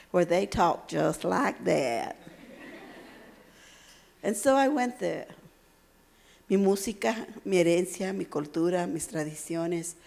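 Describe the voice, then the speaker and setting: A woman from Texas giving a motivational speech at a university, telling stories with emphatic phrasing and dramatic pauses. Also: medium pitch, vocal fry, a little mellow. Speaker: motivational speaker. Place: university lecture hall.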